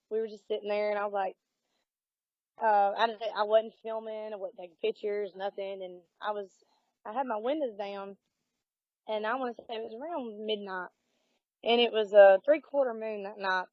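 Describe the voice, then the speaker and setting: Brief: Southern woman investigator, lively quotes, close dry mic. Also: a little high, dry recording. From Alabama. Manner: animated storyteller, acts out quotes. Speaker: paranormal investigator guest. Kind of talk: casual storytelling interview. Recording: dull lo-fi audio.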